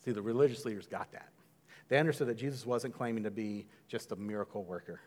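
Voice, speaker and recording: A man preaching a sermon in a conversational way, dropping to a hush and then rising loud. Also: on the low side, quick pace. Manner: conversational, swings from hushed to loud. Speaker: pastor. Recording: long hall reverb.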